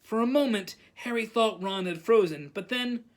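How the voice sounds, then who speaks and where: With a mid-range voice at normal speed, a librarian performs a novel for storytime, animated and speaking the characters' lines aloud.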